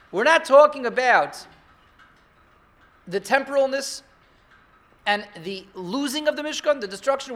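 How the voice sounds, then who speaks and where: High-pitched, bright-voiced rabbi giving a sermon. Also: male voice. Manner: rhetorical, builds to excited emphasis. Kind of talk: Torah sermon.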